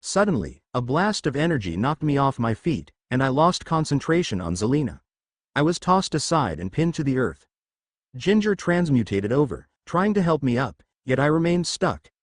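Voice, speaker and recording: Man narrating fan fiction, lively pitch. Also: moderate pace, no room sound, studio quality. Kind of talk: first-person story narration.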